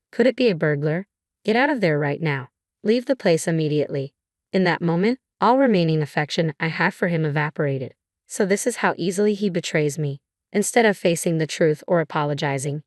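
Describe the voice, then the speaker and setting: A woman narrating a first-person drama story in a steady, measured way. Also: low-pitched, no room sound, studio quality.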